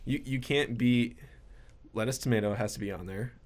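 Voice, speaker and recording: A man's voice: medium pitch, moderate pace. A young man, a college hockey player, joking in an offhand way during a casual interview. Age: young adult.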